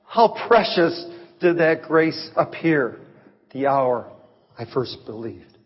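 An actor playing an aged, fervent preacher who was once a slave trader, declaiming from hushed tones to shouts, in a dull recording of an echoing hall. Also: male voice, fairly high pitch, big pitch swings, slow pace. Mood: reverent. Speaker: actor playing John Newton. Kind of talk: dramatic stage reading. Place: large hall or church stage.

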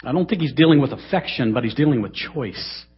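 A middle-aged man preaching a sermon in a church, dramatic, swinging between loud emphasis and hushed asides. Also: medium pitch, animated, a little fast, breathy edge. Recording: dull, lo-fi sermon recording.

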